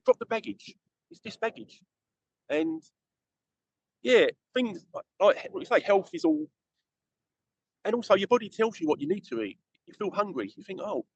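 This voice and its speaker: A man from the UK, a guest speaking calmly and reflectively in short phrases. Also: high-pitched, vocal fry, breathy edge, no room sound, muffled recording. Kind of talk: casual conversation.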